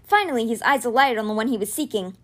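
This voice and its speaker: Lady reading a kids book out loud, kinda high voice, lively storytelling. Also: fast talker. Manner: expressive, voices dialogue with raised pitch. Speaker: reader. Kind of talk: reading a children's novel aloud.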